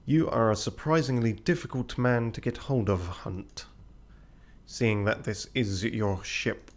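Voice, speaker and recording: A man's voice: mid-range voice, natural voice. Man doing a drunken piratey sea captain. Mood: taunting. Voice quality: slurred, piratey drawl. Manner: slow, taunting, lurching. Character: drunken swaying male ship captain, mocking.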